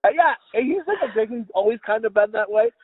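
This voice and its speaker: A man's voice: high-pitched, fast, slightly rough, dry recording. A man in his thirties co-hosting a podcast, telling stories in casual chat and swearing freely. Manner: swearing, animated storytelling. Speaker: podcast co-host. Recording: dry tinny phone-like sound.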